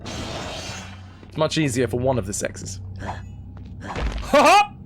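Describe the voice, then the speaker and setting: A young man streaming a game, telling stories and chatting with his viewers in a lively, casual way. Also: mid-range voice, takes it slowly, faint music behind. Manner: animated, chatty storytelling to viewers. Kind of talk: casual chat while playing a game.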